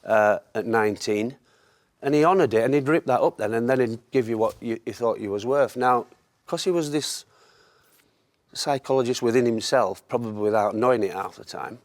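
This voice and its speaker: A man, a former footballer telling anecdotes in lively chat, often laughing at his own stories. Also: mid-range voice, normal speed, dry recording.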